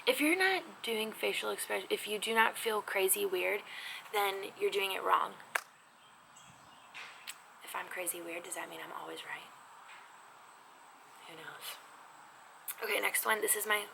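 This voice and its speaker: Woman doing a chatty sign lesson at home, gravelly voice, kinda noisy recording, slips into whispers. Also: medium pitch, unhurried, long pauses. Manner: chatty, self-teasing, drops to whispers. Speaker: sign language teacher. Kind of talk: casual video lesson. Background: neighbor's music faintly heard.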